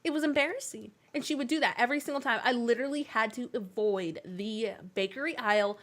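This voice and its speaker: A young woman tells family stories to her stream audience in a relaxed, rambling way. Her voice sits a bit high, and she laughs often and fills pauses with "uh" and "so.". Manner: chatty, laughing often, many fillers. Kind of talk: casual storytelling on a game stream.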